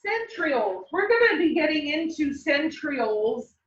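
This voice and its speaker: High-voiced woman lecturing from across a room. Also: unhurried, slight background noise. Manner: animated, playful analogies. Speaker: anatomy instructor. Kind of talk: classroom lecture. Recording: roomy, distant, dull lecture recording.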